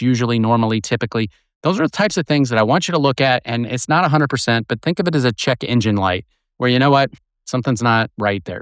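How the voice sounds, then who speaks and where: A middle-aged man, a retired agent and author, explaining his methods in an animated way as an interview guest. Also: medium pitch, clean tone, no room sound, clean studio sound. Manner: animated, explains with examples and acted quotes.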